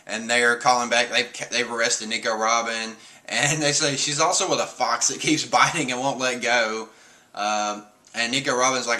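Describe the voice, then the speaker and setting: A man's voice: medium pitch, fairly even intonation, moderate pace, pushed and bright. A man streaming, casually rambling through a comic chapter review, chuckling often and swearing now and then. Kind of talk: casual chat.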